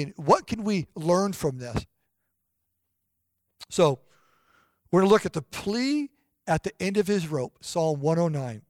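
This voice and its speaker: A middle-aged man preaching a sermon in an earnest voice, often dropping to a soft, hushed tone for personal stories. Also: high-pitched, dry recording, clean studio sound. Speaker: pastor.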